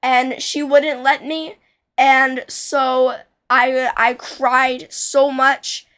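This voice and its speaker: A woman's voice: sits high, fairly bright tone. A young woman telling a childhood story in a casual, rambling way, with many restarts and fillers.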